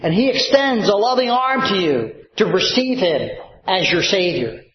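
A man's voice: high-pitched, sing-song, moderate pace, echoey room, muffled recording. A man preaching a sermon as a pastor, stretching out key words and calling for amens. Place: church sanctuary.

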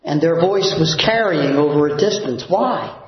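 A male pastor preaching a sermon in a church, emphatic, dropping low and soft for prayers. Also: expressive, normal speed, slight background noise. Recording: very echoey, dull church recording.

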